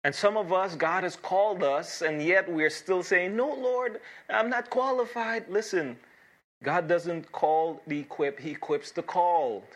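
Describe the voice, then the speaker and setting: A pastor preaches a sermon in a slightly high voice. He's earnest and emphatic, using dramatic pauses and repeating key phrases.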